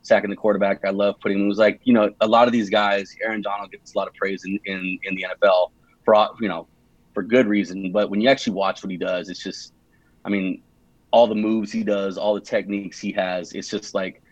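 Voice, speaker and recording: A man's voice: on the low side, level tone, brisk, no room sound. A young man from California in his twenties, chatting as an interview guest, rambling with many restarts and fillers. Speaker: podcast guest. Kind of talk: casual interview chat. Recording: dull lo-fi sound.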